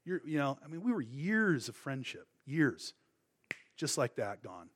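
A man's voice: mid-range voice, very animated, measured pace, a little hiss or hum. A middle-aged man preaching, telling his testimony in a casual, rambling way full of fillers and restarts. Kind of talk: sermon with personal testimony.

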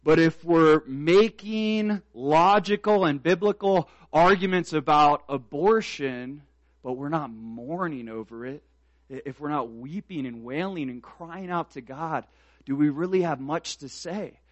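A man's voice: a little high, unhurried, no room sound, muffled recording. A man preaching a sermon as pastor, speaking earnestly and building to emphatic, repeated exhortations.

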